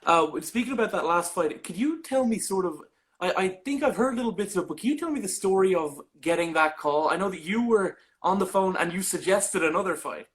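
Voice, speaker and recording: A man's voice: sits high, expressive, brisk, a bit bright. A man interviewing a fighter on a live stream, asking long, hesitant questions with many restarts. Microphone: live video stream.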